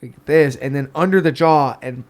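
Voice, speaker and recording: A man's voice: mid-range voice, moderate pace. American man telling a rowdy story. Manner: swearing, laughing storyteller. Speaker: podcast guest. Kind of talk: casual storytelling.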